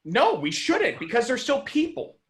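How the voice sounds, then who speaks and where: A man's voice: very high-pitched, wildly swooping pitch, normal speed, a crowd in the background. A man co-hosting a podcast, arguing emphatically in casual political chat and swearing for emphasis. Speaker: podcast co-host.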